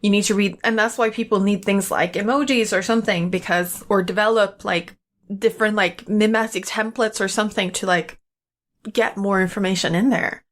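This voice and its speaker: A woman's voice: medium pitch, steady tone, moderate pace. Woman podcast co-host, chatty, thinks aloud, video call. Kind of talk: casual chat.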